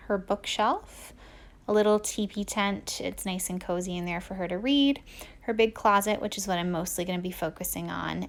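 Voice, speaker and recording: A young woman, pregnant and out of breath, giving a chatty, breathy walkthrough of a child's bedroom. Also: mid-range voice. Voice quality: breathy, half-whispered at times. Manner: chatty, explaining as she goes. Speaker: vlogger. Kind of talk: casual room-tour walkthrough.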